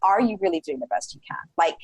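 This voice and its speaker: A woman in her forties, a podcast guest, talking in a casual and animated way with lots of "like" fillers, often acting out her own past thoughts. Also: quick pace, no echo, poor audio. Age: 40s. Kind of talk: casual interview chat.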